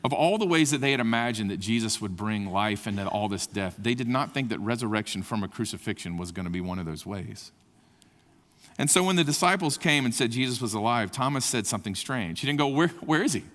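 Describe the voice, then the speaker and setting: A man's voice: on the low side, animated, a little fast, fairly bright tone. A man preaching a sermon at a conference, speaking with passion that climbs to emphatic peaks. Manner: impassioned, rising to emphatic peaks. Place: large conference hall. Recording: long hall reverb.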